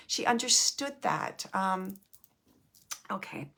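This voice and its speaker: A woman medium gives a live reading in a bright, tense, fairly high voice. She talks haltingly, hunting for words through plenty of fillers, and now and then sinks into a hushed whisper. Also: lively intonation. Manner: drops to a hushed whisper at times. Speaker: psychic medium.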